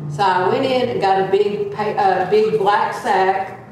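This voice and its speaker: Loud earnest woman preaching in church. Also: mid-range voice, steady tone, measured pace, hardly any pauses, noisy background. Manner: earnest and plain-spoken. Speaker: church member giving a talk. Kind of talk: sermon-style talk. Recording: echoey room from far off.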